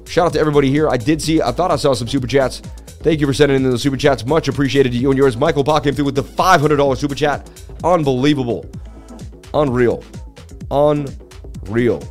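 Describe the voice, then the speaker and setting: An excited man runs a live crypto market stream, shouting out viewers and joking with the chat. His voice is a medium-pitched one. Soft background music plays throughout. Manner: hyped, rapid shout-outs, jokey. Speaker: crypto livestream host.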